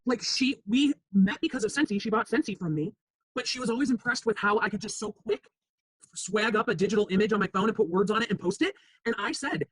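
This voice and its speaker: A woman's voice: mid-range voice, quick pace, breathy edge, rough recording. A woman in direct sales giving an upbeat, persuasive motivational talk to her team.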